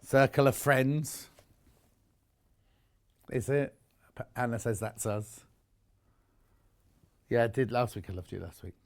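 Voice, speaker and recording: A man's voice: medium pitch, slow, long pauses. A middle-aged man presenting products live on a home shopping channel, chatty, enthusiastic and jokey about himself.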